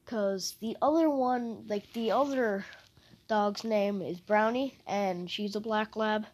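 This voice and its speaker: A young woman talks alone into her podcast mic, speaking slowly. She rambles in a casual way, hesitates and often breaks off her sentences. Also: mid-range voice, darkish tone. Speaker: podcast host. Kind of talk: casual solo podcast chat.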